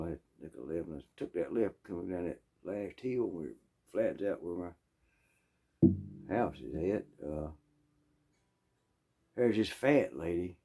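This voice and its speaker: Southern man, casual storyteller, folksy and rambling, lowish warm voice. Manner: rambling and folksy, full of asides and throat-clearing. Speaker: musician telling a story.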